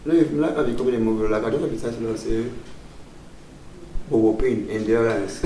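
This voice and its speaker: A man's voice: medium pitch, a little fast, darkish tone. A man, a comedian chatting casually in an interview, laughing often. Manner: laughs often, broken pidgin-tinged phrasing. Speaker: comedian guest. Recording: roomy sound from far off, faint background noise.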